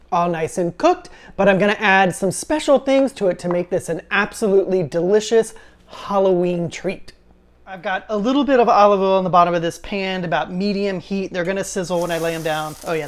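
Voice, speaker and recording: A man in his late forties chatting enthusiastically as he hosts a cooking video at his stove, wandering into rambling asides. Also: sits high. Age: late 40s. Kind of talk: casual cooking vlog chat. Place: home kitchen at the stove.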